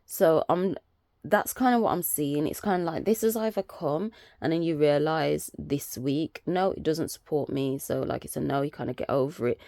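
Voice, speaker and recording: A woman talks through a weekly tarot and astrology update in a loose, chatty way, full of "um" and "like". Her voice sits low for a woman. The sound is dry and close, with little room around it. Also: normal speed, vocal fry, warm tone, no room sound. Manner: chatty, rambling, filler-heavy. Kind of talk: casual weekly energy update.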